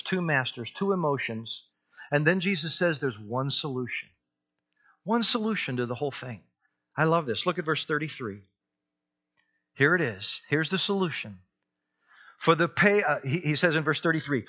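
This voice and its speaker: A man preaching a sermon, emphatic, with dramatic pauses and repeated key phrases. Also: on the high side, expressive, pushed and bright, dull audio. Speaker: pastor.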